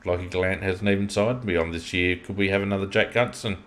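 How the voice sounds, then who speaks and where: A man's voice: low voice, steady tone, a little fast, a bit bright, a little hiss or hum. An Australian man co-hosting a football podcast, talking in an opinionated, rambling way with restarts. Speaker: podcast co-host. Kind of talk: casual football chat.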